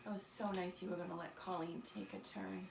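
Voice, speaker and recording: A woman's voice: lowish voice, level tone, fairly quick, vocal fry. A woman teaching a small-group lesson to children, upbeat and encouraging, calling them friends. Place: indoor room with children nearby. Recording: roomy, distant, noisy.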